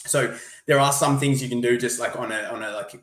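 A man's voice: medium pitch, fairly even intonation, brisk, a bit bright, roomy sound, rough recording. An Australian man, a gymnastics coach, answering interview questions in a friendly, easygoing way. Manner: friendly, easygoing, self-correcting restarts. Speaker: gymnastics coach, podcast guest.

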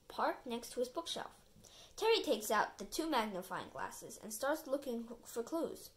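A woman reading a children's chapter book aloud as the storyteller, with expressive narration. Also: on the high side, unhurried.

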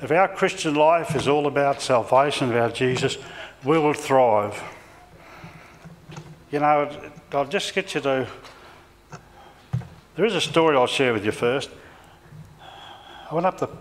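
A man's voice: medium pitch, animated, unhurried, pauses often. An older Australian man, a cattle farmer and lay preacher, giving a sermon with rambling, homespun stories and frequent self-corrections. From Central Queensland, Australia. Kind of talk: sermon with folksy personal stories. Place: church. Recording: church reverb, faint background noise.

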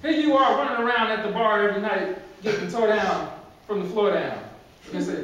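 A male pastor preaches with emphatic storytelling and repeated phrases in a notably high voice. His voice rings through a very echoey church, and he is far from the microphone. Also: fairly quick, fairly bright tone, a little hiss or hum. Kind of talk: sermon. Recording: very echoey church, distant mic.

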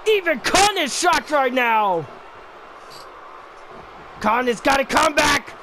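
A man giving excited play-by-play commentary on a wrestling video game match, often shouting and exclaiming. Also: very high-pitched, takes it slowly. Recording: noticeable background noise.

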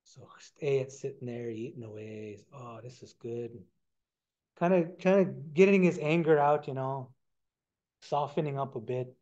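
A man retelling a traditional story in a relaxed, conversational way during a talk, on a dull lo-fi recording. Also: medium pitch, normal speed. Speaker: storyteller and science lecturer.

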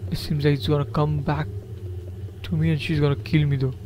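A man's voice: fairly high pitch, flat delivery, brisk, a little mellow, slight background noise. Jittery man nervously narrating a horror game. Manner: jittery, repeats himself, talks to viewers. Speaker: gameplay commentator.

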